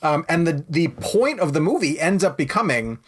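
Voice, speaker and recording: A man hosting a casual movie podcast, telling long rambling stories in an animated way. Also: a little high, normal speed, breathy edge. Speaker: podcast host.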